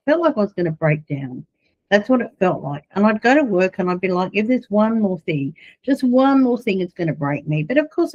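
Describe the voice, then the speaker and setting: A woman's voice: medium pitch, a little mellow. A woman gives a casual video sermon, chatting through personal stories. Her mid-range voice leaps up and down as she talks. The recording sounds dull and lo-fi. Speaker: church minister.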